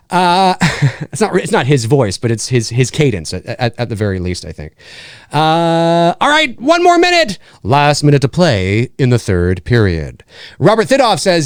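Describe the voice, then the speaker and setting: Animated male livestream host. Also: fairly high pitch, normal speed, dry recording, clean studio sound. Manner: animated, rambling, repeats himself. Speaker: livestream host answering viewer questions. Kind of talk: casual livestream chat.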